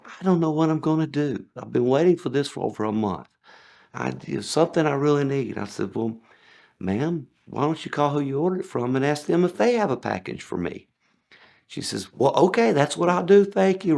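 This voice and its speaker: A man's voice: vocal fry, darkish tone. A man telling sarcastic stories about his days as a delivery driver, acting out the people he quotes. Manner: sarcastic, acts out quoted people with big pitch jumps. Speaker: former package delivery driver. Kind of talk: anecdotal storytelling.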